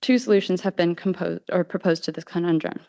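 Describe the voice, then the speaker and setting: A woman presenting a paper at a conference, reading in a measured, formal way. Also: fairly low pitch, fairly even intonation, vocal fry, warm tone, dry recording. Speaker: conference speaker. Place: conference hall.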